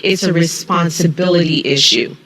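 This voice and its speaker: A woman's voice: lowish voice, normal speed, fairly bright tone, a little hiss or hum. A woman speaking firmly and emphatically as a guest on a television interview. Her voice comes through echoey and distant. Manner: firm, emphatic. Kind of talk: remote TV interview.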